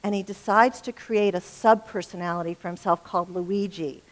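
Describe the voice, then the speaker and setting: A woman's voice: mid-range voice, steady tone, normal speed. A middle-aged woman giving a talk on relationships to a live audience. She is chatty and humorous and often turns to the room with questions. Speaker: relationship speaker.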